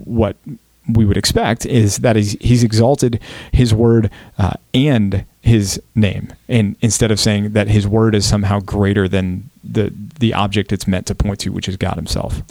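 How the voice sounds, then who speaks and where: A man from Texas, a pastor co-hosting a casual Bible podcast, explaining passages in a relaxed way and laughing easily. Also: on the low side, no echo.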